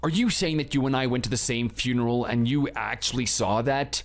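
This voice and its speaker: A man's voice: mid-range voice, a little fast, soft background music, close to an everyday voice. A man playing a husband in a dramatized story, curt and defensive toward his partner. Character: cold, defensive young husband.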